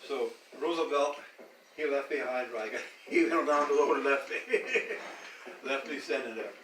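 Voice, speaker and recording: A man's voice: mid-range voice, fairly quick, slight background noise. Older Southern man telling a story, far off. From American South. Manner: rambling, repeats words, laughs often while telling. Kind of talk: casual storytelling. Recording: echoey room, distant mic, loud music behind.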